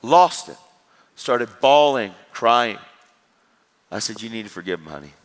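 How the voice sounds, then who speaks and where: A man's voice: on the low side, normal speed. Preacher man in an echoing hall. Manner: animated storytelling, acting out dialogue. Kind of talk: sermon. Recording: hall reverb with crowd.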